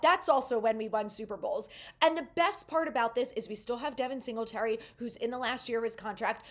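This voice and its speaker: A young woman hosting a sports channel, giving casual, enthusiastic fan commentary. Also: on the high side. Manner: enthusiastic, animated fan talk.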